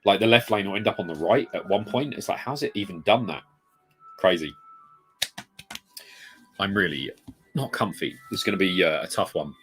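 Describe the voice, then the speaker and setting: Deep-voiced male streamer, casual rambling chat, reads viewer comments, soft music underneath. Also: lively intonation, normal speed, long pauses. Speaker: live streamer. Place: home room full of retro games. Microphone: desk mic moved close.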